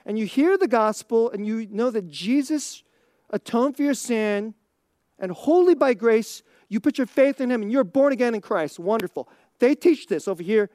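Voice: medium pitch, a little mellow, no room sound, clean studio sound. A pastor preaching a sermon in a conversational, emphatic way, often laughing and asking the congregation rhetorical questions. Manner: asks the audience rhetorical questions.

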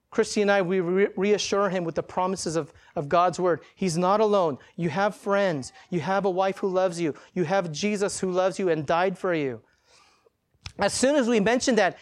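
A male pastor preaching in a church, telling a personal story in a casual, animated way and acting out the quotes. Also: sits high.

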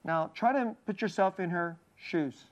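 A preacher giving a sermon, reading scripture aloud and explaining it in an earnest manner, often sinking to a soft, hushed voice. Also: mid-range voice, measured pace, lo-fi sound.

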